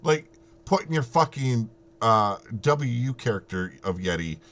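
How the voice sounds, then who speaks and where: A man's voice: mid-range voice, animated, measured pace, a bit bright. A middle-aged man hosting a live stream in casual chat, swearing freely and laughing often.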